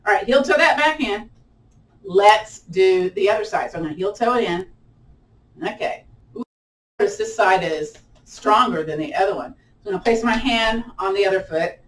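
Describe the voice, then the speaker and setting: A woman's voice: medium pitch, moderate pace, far from the mic, slight background noise. A woman with a lilt talks a chair yoga class through each move, chatty and encouraging, and lets out a playful whoop while they hold a pose. She sounds a little way off from a camera mic in a roomy space with a noticeable echo. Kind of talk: live online exercise class instruction.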